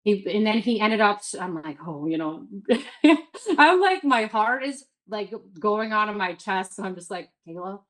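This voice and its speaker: A woman's voice: mid-range voice, expressive, a little slow, fairly bright tone, poor audio. A woman in her thirties from the Midwest, telling a story as a guest in a casual interview, full of "like" and quoted self-talk.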